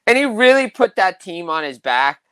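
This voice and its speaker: A man's voice: high-pitched, sing-song, normal speed, a bit bright, smooth, no echo, poor audio. A man co-hosting a hockey talk show, chatting eagerly as a fan and saying "like" a lot. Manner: enthusiastic fan, heavy use of "like". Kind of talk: casual sports chat.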